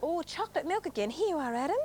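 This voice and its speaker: A young woman presenting a children's TV show in a coaxing, sing-song way, speaking slowly to small children on a clip-on mic in a studio. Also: high voice, expressive, noisy background. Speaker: children's TV host. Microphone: clip-on mic on jumper.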